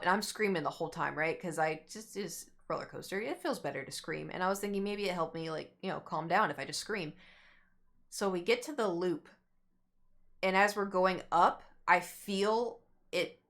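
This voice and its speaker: A young woman streamer telling a rambling story to her chat, acting out what people said. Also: mid-range voice. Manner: animated, rambling, acts out quotes.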